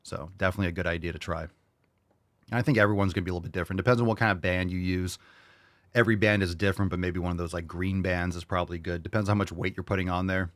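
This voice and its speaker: A man's voice: low voice, fairly even intonation, fast, fairly bright tone, no room sound. A man hosting a fitness podcast, casually answering listener questions in a blunt, joking way with some swearing.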